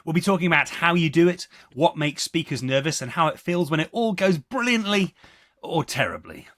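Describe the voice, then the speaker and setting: Male podcast co-host, pitch on the high side, dry close-mic sound, light good-humoured reads. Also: sing-song, fairly quick, fairly bright tone, dry recording. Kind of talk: scripted podcast intro.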